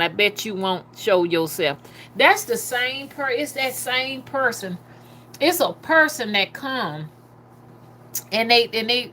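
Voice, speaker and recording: A woman hosts a casual livestream and chats loosely with her viewers. Her voice is bright and forward. A faint hiss sits behind her webcam-style recording. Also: a little high. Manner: chatty, reads viewer comments aloud, loose and talkative. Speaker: livestream host.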